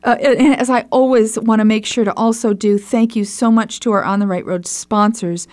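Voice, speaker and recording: A woman hosting a podcast interview, enthusiastic and effusive, agreeing warmly with her guest and thanking sponsors. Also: on the high side, steady tone, moderate pace. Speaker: podcast host.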